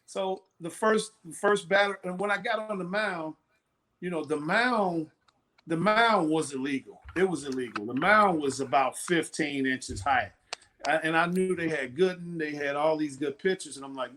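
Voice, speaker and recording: A man's voice: a little high, normal speed, slight background noise. A man in his sixties, a former ballplayer, telling stories in a casual interview and acting out the voices of people he quotes. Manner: animated storyteller, acts out quoted voices. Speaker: former pitcher, guest.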